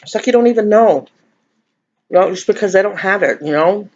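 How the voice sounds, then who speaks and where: A woman's voice: mid-range voice, expressive, normal speed, darkish tone. Woman, fifties, confiding vlog chat over a meal, muffled lo-fi audio. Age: 50s. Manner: confiding, emotional, rambling. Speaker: vlogger. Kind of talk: casual chat while eating.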